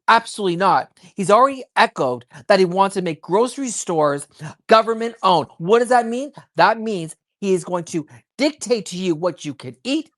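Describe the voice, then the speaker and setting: A woman giving heated, rapid political commentary, worked up and emphatic, with frequent restarts. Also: mid-range voice. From child of immigrants.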